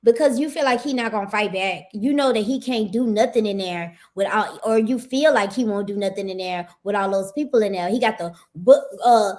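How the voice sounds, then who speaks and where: A woman's voice: mid-range voice, fairly quick, few pauses, darkish tone. A woman giving casual reaction commentary on a video, indignant and ranting.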